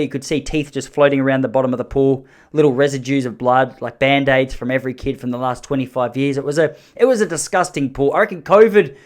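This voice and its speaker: A man in his thirties with an Australian accent, hosting a podcast and telling a story in a loose, self-mocking way, often correcting himself mid-sentence. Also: medium pitch. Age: 30s. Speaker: podcast host. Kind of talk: casual storytelling monologue.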